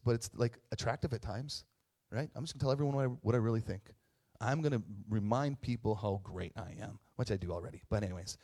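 A man in his thirties with a mid-range, darkish voice, a pastor giving a casual, conversational sermon. He's chatty, using tag questions and restarts, and jokes at his own expense with self-deprecating humor.

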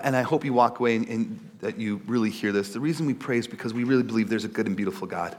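A man in his thirties preaching a casual, animated sermon, acting out little quotes. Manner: animated, acts out quotes in a high voice. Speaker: pastor.

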